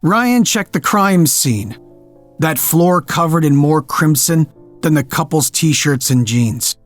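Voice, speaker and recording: A man narrating a scripted horror story in a measured, darkly dramatic way. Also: a little high, animated, soft background music.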